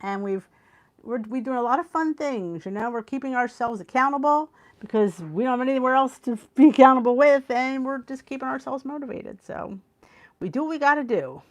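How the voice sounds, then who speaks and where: A woman's voice: high voice, expressive, a little fast. Chatty Philly woman hosting a live stream. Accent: Philadelphia. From Philadelphia area, US. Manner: chatty, reads and answers viewer comments, laughs often. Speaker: weight loss channel host. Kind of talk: live stream chat with viewers.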